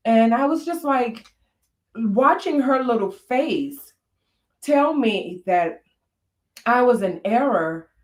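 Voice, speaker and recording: A woman's voice: fairly high pitch, expressive, takes it slowly, long pauses, reverberant. Reflective woman co-host sharing stories. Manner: reflective, storytelling with frequent fillers. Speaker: podcast co-host. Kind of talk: candid conversation on marriage.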